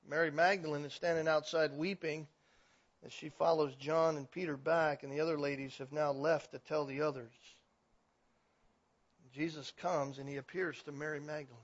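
A man preaching a sermon in an animated way, swinging between loud emphasis and quiet passages. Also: fairly high pitch, normal speed. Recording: dull lo-fi recording.

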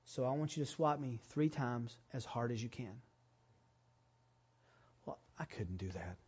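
A man preaching a sermon, telling a personal story and rising to loud, emphatic preaching. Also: medium pitch, expressive, measured pace, husky, highs cut off. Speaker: pastor.

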